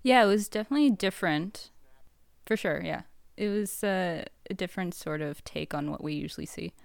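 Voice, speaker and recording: A woman's voice: fairly low pitch, a little fast, creaky, dry recording, studio quality. A woman co-hosting a casual podcast, reacting and commenting in a chatty way, often laughing and hedging with "like.". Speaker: podcast co-host. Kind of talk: casual chat.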